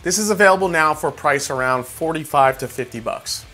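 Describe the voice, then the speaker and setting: Bright-voiced New man reviewing whiskey. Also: on the high side, fairly quick. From New York. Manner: chatty, many fillers like "like" and "uh"; excitable tasting reactions. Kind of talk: casual tasting review.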